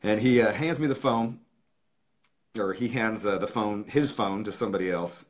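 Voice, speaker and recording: Low-voiced guy on a livestream telling a story, cussing a lot, laughs as he goes. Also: normal speed. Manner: profane, emotional, laughs while telling. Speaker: musician hosting a livestream. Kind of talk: casual storytelling. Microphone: webcam or phone.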